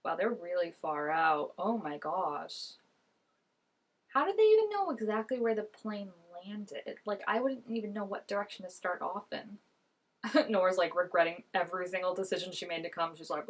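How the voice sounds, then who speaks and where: Speaking at a normal speed, a woman with a mid-range voice and big pitch swings gives casual reaction commentary on a TV episode. She's a vlogger who chats, giggles, and answers back to the characters as she watches.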